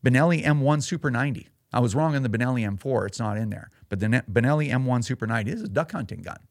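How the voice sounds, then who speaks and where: A man's voice: mid-range voice, lively intonation, very fast, no echo, clean studio sound. A man hosting a political podcast, heated and sarcastic, rambling with frequent restarts. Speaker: podcast host.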